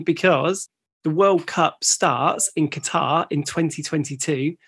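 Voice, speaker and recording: A man co-hosting a podcast in an upbeat, casual way, laughing often and agreeing readily. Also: on the high side. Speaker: podcast co-host. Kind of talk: casual chat.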